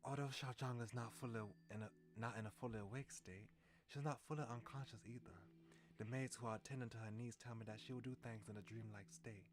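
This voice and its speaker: A man's voice: medium pitch, fairly even intonation, fast. Man reading a story game aloud. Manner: reads lines aloud with frequent restarts and self-corrections. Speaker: streamer.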